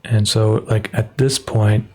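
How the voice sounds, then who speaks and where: Relaxed man chatting while he draws. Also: lowish voice, slow pace. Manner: rambling, relaxed, heavy use of "like". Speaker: artist streaming his work. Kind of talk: casual livestream commentary while drawing. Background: faint background music.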